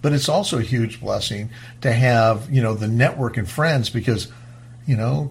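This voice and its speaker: A man hosting a talk show, speaking in a fast-paced, emphatic way and often restarting his words. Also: mid-range voice, gravelly, slight background noise. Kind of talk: casual talk-show monologue.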